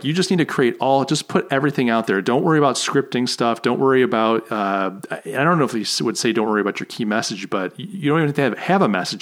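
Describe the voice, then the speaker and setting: Chatty male podcast host. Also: mid-range voice. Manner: chatty, laughs at own jokes. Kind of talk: casual interview chat.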